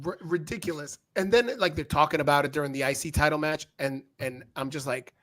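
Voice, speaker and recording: A man's voice: on the high side, brisk. A man co-hosting a wrestling review show, swearing freely and acting out the people he talks about. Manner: profane, animated, mimics people, laughs often. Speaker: podcast co-host. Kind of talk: casual wrestling review chat.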